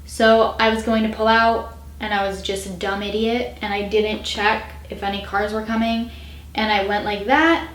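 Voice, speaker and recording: A woman's voice: medium pitch, fairly even intonation, normal speed, a bit bright. Chatty young woman, roomy echo. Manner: chatty, swears freely, self-mocking. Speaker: vlogger. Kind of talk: casual chat to camera.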